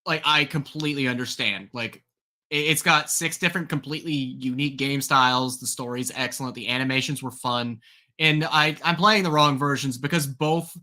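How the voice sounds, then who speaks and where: A man's voice: fairly high pitch, pushed and bright. A man on a stream panel, conceding a point and repeating that he understands. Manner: conceding, repeats himself to agree. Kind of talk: casual panel chat.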